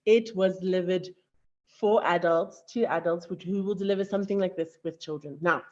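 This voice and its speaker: A woman presenting on arts education at a conference, explaining in a measured way. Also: fairly low pitch, steady tone, a little mellow. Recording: slightly dull, lo-fi audio.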